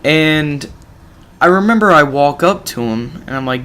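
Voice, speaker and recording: A man's voice: fairly high pitch, lively intonation, a little slow, sharp tone, clean tone. A man from a gaming channel telling a story casually, rambling with lots of "you know" and "like".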